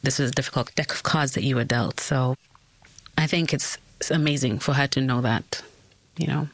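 A woman hosting an interview, asking gentle questions and reflecting with empathy. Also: a bass voice, steady tone, normal speed, dry recording. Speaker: interviewer, host.

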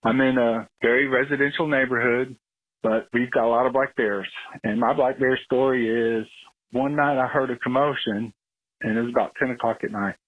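A man from Florida tells a lively anecdote over a call-in line. His voice is husky and dry, and the narrow phone sound thins it out. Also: medium pitch, moderate pace, dry recording. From Florida, USA. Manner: animated storyteller, loud when acting out yelling. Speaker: caller. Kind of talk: telling a story on a call-in line.

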